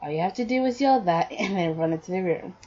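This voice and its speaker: A woman reads a cheerful young male hero student with an easygoing, halting delivery. He stumbles through his words with plenty of fillers. The audio sounds dull and lo-fi. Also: fairly low pitch, lively intonation, warm tone. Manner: easygoing, hesitant, filler-heavy.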